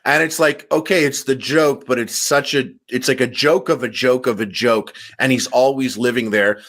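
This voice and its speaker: A man's voice: medium pitch, fairly even intonation, moderate pace, fairly bright tone. Rambling man chatting on a podcast. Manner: rambling, heavy use of "like" fillers. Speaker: podcast co-host. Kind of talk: casual podcast chat.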